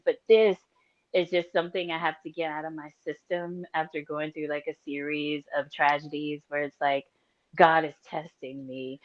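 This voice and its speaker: Woman podcast host, very low voice, talkative, laughs often, dull lo-fi sound. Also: flat delivery, normal speed. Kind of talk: casual faith podcast chat.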